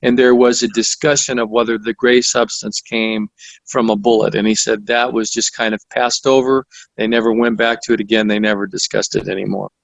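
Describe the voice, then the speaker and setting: A man's voice: fairly low pitch, little pitch movement, fairly quick, gravelly, no echo, low-quality recording. A man, the guest author, recounting stories in conversational interview style, with frequent restarts and fillers. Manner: storytelling with many restarts and fillers.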